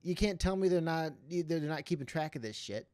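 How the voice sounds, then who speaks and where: A man's voice: a little high, animated, normal speed, darkish tone. A man playing an indignant, swearing old codger with a put-on old-timey Southern accent through an old-man voice filter, ranting on a comedy podcast. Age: older. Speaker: podcast co-host.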